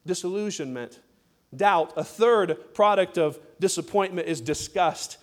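A man's voice: high-pitched, unhurried. A man preaching a sermon to a church congregation, emphatic and repetitive, prodding listeners to answer. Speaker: pastor. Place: church service.

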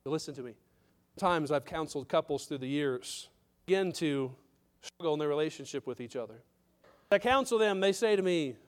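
A man's voice: on the high side, lively intonation, brisk. A man pastor preaching a sermon, emphatic, with repetitions and direct questions to the congregation.

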